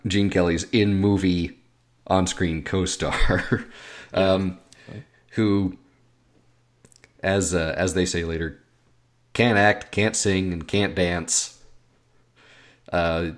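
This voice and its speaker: A man's voice: deep voice, steady tone, very slow, long pauses. A man co-hosting a casual film podcast, talking with frequent hesitations and restarts. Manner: hesitant, many restarts and fillers. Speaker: podcast co-host.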